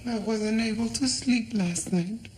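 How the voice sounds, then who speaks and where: A woman's voice: fairly high pitch, a little slow, darkish tone, slight background noise, lightly acted. An actress in a TV drama playing a shaken woman who accuses a man of lying. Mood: accusing. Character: shaken woman confronting a liar. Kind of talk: TV drama acting. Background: music score.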